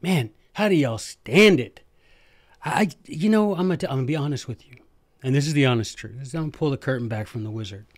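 A man's voice: medium pitch, fast talker, no echo, clean studio sound. Fired-up man telling history. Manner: animated, self-deprecating and joking. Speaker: podcast host, former history teacher. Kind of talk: casual history storytelling monologue.

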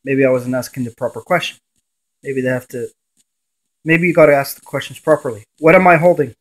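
A paranormal investigator, a man, asks short questions on camera during a spirit box session and repeats back the answers he thinks he hears, often speaking low. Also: fairly quick.

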